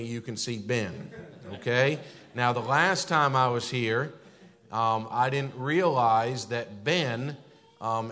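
A man from the northern United States speaks as a visiting pastor in a church sanctuary. His voice sits in a middle range, and he leans on "and, uh" between phrases. When he exhorts, he gets louder and climbs higher. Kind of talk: church pulpit greeting and testimony.

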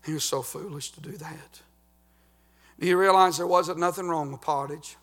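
A man preaching a sermon as pastor, swinging from sung, shouted climaxes down to low, hushed warnings. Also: steady tone, normal speed. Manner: fervent preaching, rising to chanted shouts then dropping low.

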